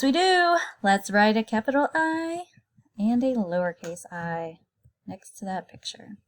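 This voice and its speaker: A woman kindergarten teacher leads a recorded phonics lesson at an unhurried pace, drawing each word out slowly. Her voice sits at a middle pitch. She is patient and clear, and she breaks simple words into their sounds for small children.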